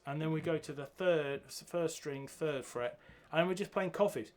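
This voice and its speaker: A man teaching a bass guitar piece, counting beats and singing the rhythms aloud as he goes. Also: moderate pace, few pauses. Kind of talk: music lesson walkthrough. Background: bass guitar playing.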